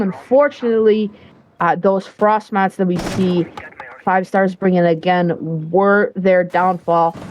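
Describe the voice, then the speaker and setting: A woman delivers live play-by-play for an esports match in a casual, talkative way, dropping fillers as she follows the action. Her voice sits at an ordinary middle pitch. Faint gunfire from the game plays quietly underneath. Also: a little hiss or hum, poor audio. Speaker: esports caster.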